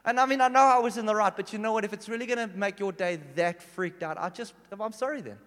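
Preacher, reverberant church hall. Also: male voice, sits high, fast. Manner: animated storytelling, swinging from hushed to loud. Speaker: pastor. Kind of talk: sermon.

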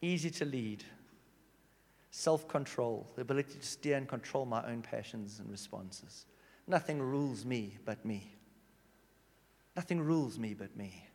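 Preacher, reverberant church hall. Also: male voice, mid-range voice, measured pace. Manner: animated storytelling, swinging from hushed to loud. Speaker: pastor. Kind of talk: sermon.

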